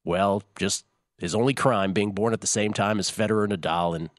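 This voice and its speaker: A man's voice: lowish voice, moderate pace, no echo, studio quality. A man hosting a sports betting talk show, chatting casually in a rambling, jokey way that keeps interrupting itself.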